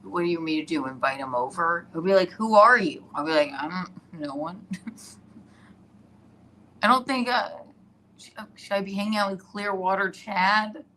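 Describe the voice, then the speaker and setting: A woman hosting a casual live stream from her iPad, telling stories in an excitable, rambling way and laughing often. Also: lowish voice, normal speed, long pauses.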